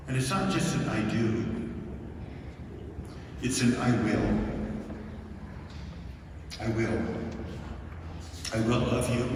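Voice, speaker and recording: A man, a priest, giving a homily at a mass and telling a story in an animated way. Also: mid-range voice, noisy background. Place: large old mission church. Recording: echoey church, distant mic.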